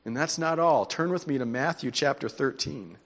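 A man preaching a sermon, telling stories in an animated, conversational way. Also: medium pitch, normal speed. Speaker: pastor. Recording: long hall reverb.

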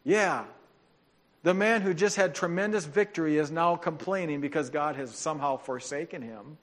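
A man preaching a sermon, telling the story in an animated way with joking asides. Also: on the high side, brisk. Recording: long hall reverb.

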